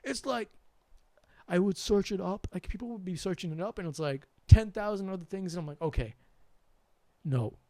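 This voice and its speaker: Young male host, high gravelly voice, rambling and animated about spirituality, dry close mic. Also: moderate pace, no room sound.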